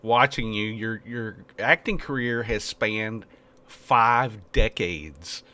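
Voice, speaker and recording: A man's voice: fairly low pitch, takes it slowly, sharp tone. A male host on a video call, closing an interview with eager, effusive praise and thanks. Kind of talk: interview chat.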